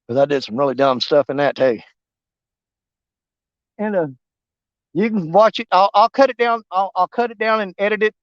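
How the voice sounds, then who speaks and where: A man's voice: sits high, smooth, no room sound, muffled recording. A man, live-streaming from a riverbank while fishing. He rambles to his viewers in a folksy, easygoing way and is winded. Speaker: fishing vlogger. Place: outdoors at a riverbank.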